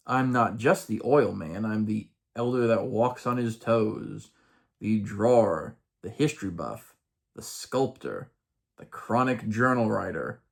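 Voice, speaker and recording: A man's voice: mid-range voice, darkish tone. Man wryly reading his old journal. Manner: wry, amused asides with playful lifts on quoted lines. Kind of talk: reading a personal journal aloud.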